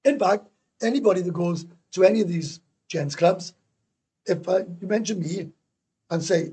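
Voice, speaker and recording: Welsh man, middle-aged, livestream host, blunt and rambling, swears freely, dark mellow tone. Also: high-pitched, moderate pace, husky. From Wales. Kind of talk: casual live-stream rant.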